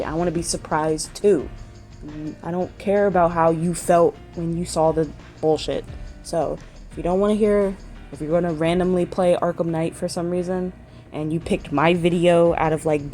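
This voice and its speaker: A woman's voice: fairly low pitch, mellow. A woman chatting casually in a vlog, rambling and swearing freely and trailing off mid-sentence. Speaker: vlogger.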